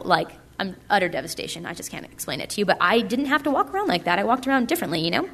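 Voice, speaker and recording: A woman's voice: mid-range voice, very animated, rapid-fire, gravelly, hardly any pauses, fairly bright tone. A young woman giving a casual, chatty personal testimony at a conference, full of likes and ums. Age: young adult. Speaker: speaker at a purity conference.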